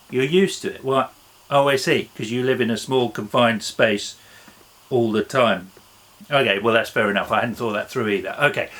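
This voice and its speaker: A man's voice: high-pitched, a bit bright. A man presenting a playful children's talk in an online church service, upbeat and joking as he banters with a silent puppet. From England.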